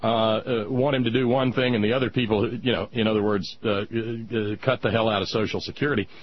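A man's voice: fairly low pitch, steady tone, fast. A male radio talk show host in casual, blunt political chat, sardonic and full of restarts. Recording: dull lo-fi radio with faint hiss.

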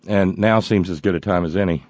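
A man's voice: sits low, brisk, darkish tone, no room sound. A man hosting a political talk show, ranting sarcastically with many stumbling restarts.

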